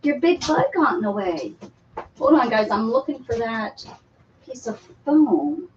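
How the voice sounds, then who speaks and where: Woman, crafting livestream host, casual rambling chat, slightly high voice, faint background hiss. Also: sing-song, unhurried. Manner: chatty, apologetic, coos at her pets. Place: cluttered home room. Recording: dull lo-fi stream audio with faint noise.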